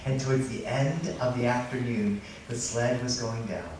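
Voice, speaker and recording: A man telling a story out loud, playful and animated, sometimes dropping to a hush. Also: mid-range voice, normal speed, few pauses. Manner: animated, playful, drops to hushed tones. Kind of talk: live storytelling. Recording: distant echoey mic with noise.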